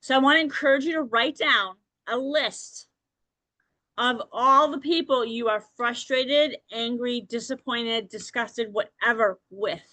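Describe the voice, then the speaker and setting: A woman's voice: a little high, a little slow, pushed and bright, no echo. A woman hosting a podcast, talking directly and encouragingly to listeners and often checking in with "okay?". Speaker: podcast host. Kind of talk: motivational podcast talk.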